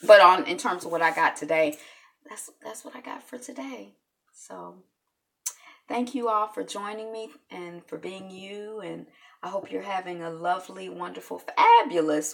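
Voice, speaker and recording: A woman hosting a casual news chat show, chatty, answering viewers and swooping from high exclamations to soft mutters. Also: creaky. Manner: chatty, reads comments from viewers.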